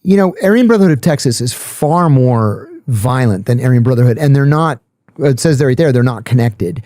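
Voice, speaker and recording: Middle-aged guy spinning stories on a podcast, mellow dark voice, dry close sound. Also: medium pitch, brisk, dry recording. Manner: animated storyteller, acts out quoted voices. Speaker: podcast host telling prison stories. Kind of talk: casual storytelling chat.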